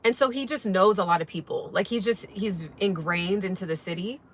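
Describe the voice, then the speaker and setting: A young woman talks casually to her viewers, rambling from one thought to the next while she eats. Her pitch sits in a middle range. A faint hum of background noise runs under her voice. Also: fairly quick. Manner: rambling, chatty, eating while talking. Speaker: vlogger. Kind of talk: casual chat to camera while eating.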